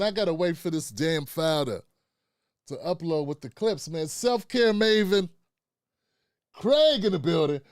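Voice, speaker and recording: A middle-aged man with a voice on the high side runs a casual live stream, chatting loosely and calling out to viewers. He talks to the chat and producer, often using "man" and "fam," in a studio-quality recording without echo.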